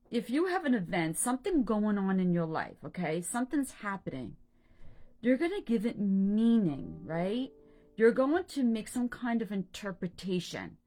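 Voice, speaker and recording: A woman in a mid-range voice talks slowly and deliberately as an anxiety coach. She explains things informally, keeps checking in with her listener with "right?" and "okay?", and stops now and then to find the right word. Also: medium pitch, a little mellow. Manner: unhurried, searching for words. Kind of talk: informal teaching talk.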